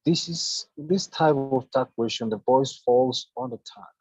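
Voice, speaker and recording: A man teaching an online English grammar lesson, explaining step by step with halting restarts. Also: medium pitch, a little mellow, husky, no echo. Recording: dull lo-fi dry sound.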